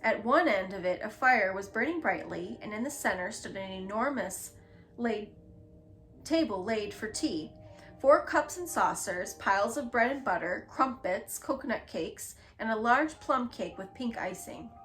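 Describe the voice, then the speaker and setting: A woman reading a children's book aloud in a gentle, expressive storytelling manner. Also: mid-range voice, a little slow, faint music behind. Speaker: storybook reader.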